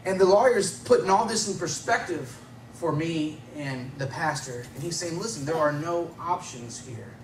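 Relaxed and chatty, a man with a somewhat high voice shares his faith story as a guest at church, speaking at a moderate pace and chuckling now and then. His testimony is picked up from a distance in a roomy space, with background noise clearly audible.

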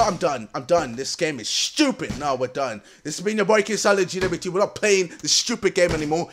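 A young man doing excitable gaming commentary, shouting, swearing and laughing in frustration as he plays. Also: fairly high pitch, normal speed, hardly any pauses, slight background noise. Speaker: gaming video host. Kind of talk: let's-play commentary.

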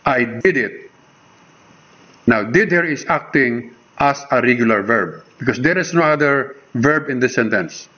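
Man, Filipino accent, grammar teacher, very slow deliberate delivery, muffled lo-fi recording. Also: medium pitch, lively intonation, sharp tone. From Philippines. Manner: deliberate, repeats "okay" between points. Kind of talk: slow explanatory grammar lesson. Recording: dull lo-fi sound.

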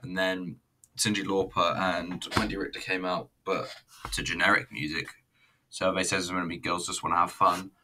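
A man's voice: low-pitched, level tone, moderate pace, sharp tone, slight background noise. A man giving a casual, rambling, profane and self-mocking review of a wrestling show. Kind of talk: casual solo review commentary.

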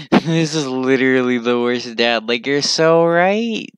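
A young man ranting casually to camera as a vlogger, animated and rambling, swearing freely. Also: mid-range voice, measured pace, clean tone, no room sound.

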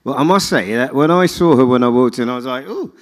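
A man's voice: mid-range voice, fast talker. A man hosting a live interview at an event, jokey and chatty with lots of restarts. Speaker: host. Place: indoor event venue with audience. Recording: reverberant event hall.

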